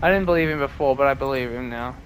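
A man giving jokey, swearing let's play commentary and reacting loudly to scares. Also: medium pitch, quick pace, a little hiss or hum. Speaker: gaming video creator.

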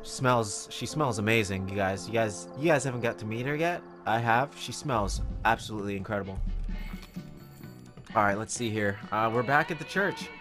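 Male gaming host, lively swinging pitch, casual jokey play-by-play, game music underneath. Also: moderate pace. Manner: chatty, jokey, talks to himself and the dog, excitable outbursts. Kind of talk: casual gameplay commentary.

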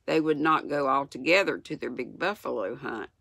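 A woman in her sixties with a Southern US accent, reading a children's book aloud in a gentle, unhurried way with small slips. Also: rumbling low, creaky, no room sound, clean studio sound. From United States. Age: 60s. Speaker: channel host reading aloud. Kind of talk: storybook read-aloud.

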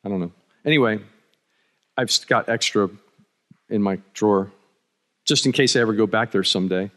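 Speaking at a moderate pace, a conference speaker from Philadelphia tells a travel anecdote full of wry humor, often restarting his sentences. His voice is on the low side and a bit bright, and the hall gives it a long reverb.

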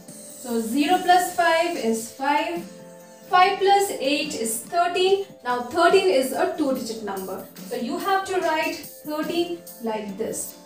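A woman's voice: sits high, distant mic. Woman math teacher, patient walkthrough, very echoey room, faint music. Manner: slow, patient step-by-step explanation. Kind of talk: explaining a math trick step by step.

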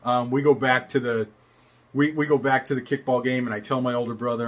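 A man's voice: medium pitch, fairly even intonation, a little fast. An older man casually telling a personal story, meandering with many fillers and chuckles.

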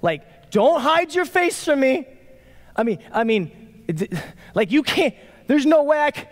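Desperate ancient king pleading, halting and high-pitched, put on by a male preacher. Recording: long reverb of a large hall.

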